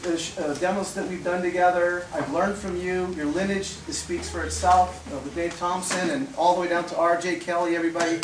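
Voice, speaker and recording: A martial arts instructor giving a fast, animated tribute speech at a ceremony. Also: male voice, high-pitched, noisy background. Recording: echoey room, far from the mic.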